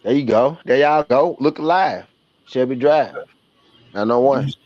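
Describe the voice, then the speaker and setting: A man's voice: mid-range voice, a little slow, dry recording. Joking southern man on a dull stream. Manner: joking, trash-talking, slangy, laughs often. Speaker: streamer hosting a game watch party. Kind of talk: casual live-stream commentary.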